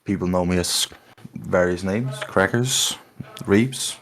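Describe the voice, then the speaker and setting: A young man introducing his character in a tabletop game, halting and full of fillers. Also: deep voice, slight background noise. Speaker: player. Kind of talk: casual chat.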